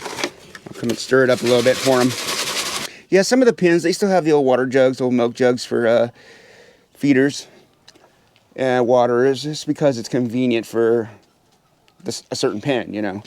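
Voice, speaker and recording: Bird-keeper vlogger, man, chatty, mid-pitched voice, slips into a higher coaxing tone when he addresses his birds. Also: normal speed, long pauses, a little mellow, slight background noise. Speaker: pheasant farmer and channel host. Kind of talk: casual vlog narration while doing chores. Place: outdoor aviary pens.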